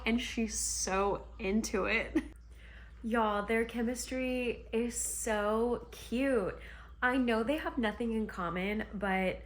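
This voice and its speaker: A woman recording a casual reading vlog outdoors, chatting and recapping a book while speaking more quietly than usual. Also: fairly high pitch. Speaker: book vlogger.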